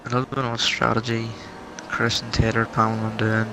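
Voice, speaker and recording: Flat-voiced man commentating sim racing. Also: medium pitch, a little fast. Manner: chatty, wondering aloud, flat delivery. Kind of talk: casual race commentary. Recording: noisy game audio behind. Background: racing car engine noise.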